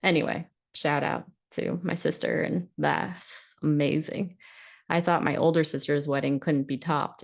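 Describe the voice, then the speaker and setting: Woman podcast host, low pitch, gravelly fry, rambling frank chat, laughs a lot, dull lo-fi sound. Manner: chatty and rambling, often laughing; frank, self-reflective. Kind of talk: casual monologue.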